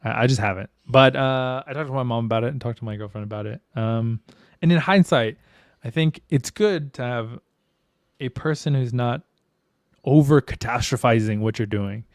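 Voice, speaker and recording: With a mid-range voice at normal speed, a young podcast co-host swears freely and keeps restarting as he rambles through a candid, casual chat. The recording is dry, with clean studio sound.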